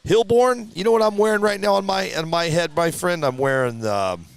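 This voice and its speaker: A man hosting a live stream who calls the races in a chatty, easygoing way and shouts with excitement at a surprise win. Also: high voice, normal speed, gravelly, smooth, faint music behind. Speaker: race announcer and livestream host. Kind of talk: casual live race commentary. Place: at a drag racing event.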